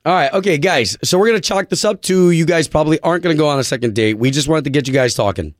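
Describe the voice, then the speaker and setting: A man hosting a morning radio show in a studio, pushing his callers with brisk, prodding questions. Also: on the high side, no echo. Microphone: studio mic.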